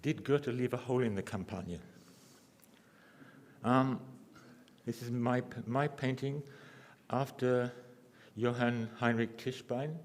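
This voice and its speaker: A man giving a symposium lecture, halting and restarting often, with dry humor. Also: medium pitch, steady tone, in a large hall. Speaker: lecturer, architect. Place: lecture hall.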